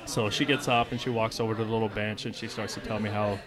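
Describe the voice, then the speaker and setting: A man's voice: on the low side, fast, crowd noise. Profane forty-something man telling a story. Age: 40s. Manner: animated, profane storytelling with acted quotes. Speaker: guest storyteller. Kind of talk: casual podcast chat.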